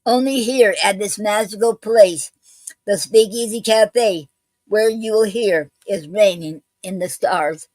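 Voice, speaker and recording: Slow, hesitant woman reading poems. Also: medium pitch, a little mellow, no room sound, low-quality recording. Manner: hesitant, many fillers and restarts. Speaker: poetry show host. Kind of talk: casual poetry reading.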